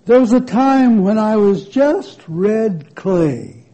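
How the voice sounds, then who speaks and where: Brief: man doing a storybook teacup, high, gravelly, very slow, pleading. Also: expressive, mellow, full character voice. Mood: recounting. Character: proud talking teacup, once red clay.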